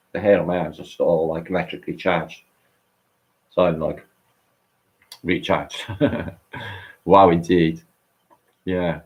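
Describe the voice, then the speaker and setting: Low-voiced british bloke rambling on a livestream, swears a lot, gets worked up. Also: male voice. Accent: British English. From England. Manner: excitable, swearing, rambling with restarts. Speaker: online show co-host. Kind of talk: rambling casual chat on a livestream.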